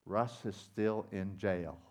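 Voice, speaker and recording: A man preaching a sermon as pastor, retelling a parable with dramatic emphasis that swings from loud to quiet. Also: fairly low pitch, fairly even intonation, slow pace. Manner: dramatic storytelling, loud rising emphasis then quiet intensity.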